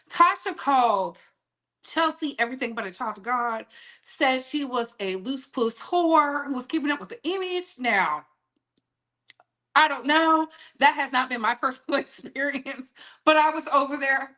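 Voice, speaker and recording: Bright high-voiced woman gossip host. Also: measured pace. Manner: animated, laughs often, talks straight to her chat. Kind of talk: casual livestream gossip chat.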